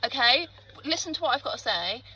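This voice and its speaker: A woman's voice: high-pitched, expressive, a little fast, sharp tone, a little hiss or hum, rough recording. A woman police officer at a car stop at night, firm and procedural, tagging her points with "okay?". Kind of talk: police questioning. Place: street beside a car at night.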